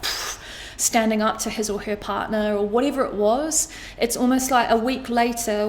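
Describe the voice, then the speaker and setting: A woman giving an intuitive astrology reading to camera, animated and blunt, swearing casually as she talks. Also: on the high side, a little hiss or hum. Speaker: astrology tarot reader.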